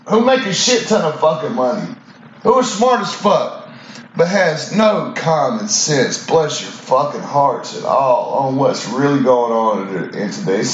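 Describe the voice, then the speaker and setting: A man's voice: a little high, slight background noise. A man hosting a morning show, chatting casually in a rambling, profane way with laughing asides. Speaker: radio show host. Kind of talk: casual chat. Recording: roomy, dull, lo-fi studio sound.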